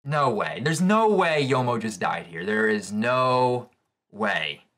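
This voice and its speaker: A man giving live reaction commentary on a comic chapter, excitable and thinking aloud with restarts. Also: mid-range voice, slow pace. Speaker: comic reaction channel host.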